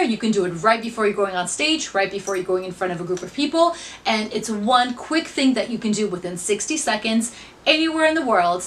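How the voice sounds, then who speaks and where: A woman's voice: on the high side, fairly bright tone, a little hiss or hum. A young adult woman presentation trainer giving an upbeat, chatty instructional talk to camera.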